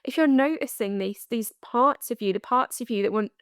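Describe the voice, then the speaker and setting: A woman's voice: on the high side, moderate pace, smooth, no echo, clean studio sound. Chatty woman hosting a spiritual podcast. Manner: chatty, laughs often, many asides like "okay?" and "right?". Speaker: podcast host. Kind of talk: solo spiritual coaching talk.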